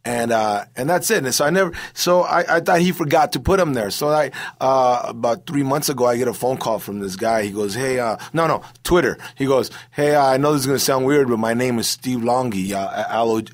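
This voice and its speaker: A man's voice: medium pitch, a little fast, hardly any pauses. A middle-aged man, a comedian, telling stories in a loose, rambling way, full of "bro" and "you know". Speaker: comedian guest. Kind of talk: casual storytelling interview.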